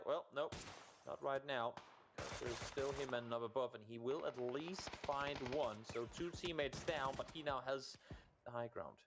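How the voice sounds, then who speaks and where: A man doing live esports play-by-play, lively and teasing toward his co-caster. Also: mid-range voice, unhurried, noisy background.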